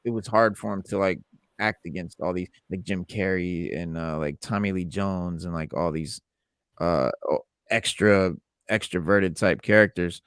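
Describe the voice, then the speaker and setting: A man with a lowish voice hosts a casual podcast, wandering through his thoughts with lots of "like" and "uh" between more scripted stretches. His voice is recorded close and dry, with no room around it. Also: steady tone, normal speed, clear, resonant tone, no echo. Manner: loose and rambling, full of "like" and "uh". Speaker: podcast host. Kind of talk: casual podcast chat mixed with read-out commentary.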